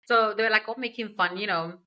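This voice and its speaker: A woman's voice: medium pitch, brisk, bright, forceful tone, rough recording. Chatty woman recapping a book. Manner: chatty, slangy retelling with asides. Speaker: podcast host.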